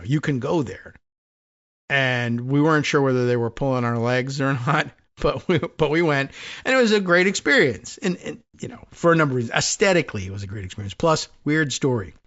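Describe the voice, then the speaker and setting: A man's voice: medium pitch, a bit bright, highs cut off. A man hosting a podcast, telling a rambling, wry story in a casual monologue with many restarts. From New Jersey. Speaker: podcast host.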